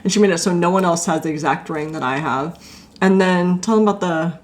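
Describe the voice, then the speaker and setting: A woman co-hosting a podcast, telling a story in a casual, excitable way, full of "like"s. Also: lowish voice, brisk. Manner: animated, excitable, many "like"s. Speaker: podcast co-host.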